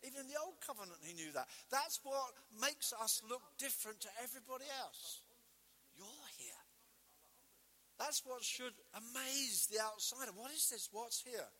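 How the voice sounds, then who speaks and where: High, bright-voiced impassioned male preacher. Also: animated, normal speed, in a large hall. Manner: passionate, acts out quotes, swings between loud and hushed. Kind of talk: sermon.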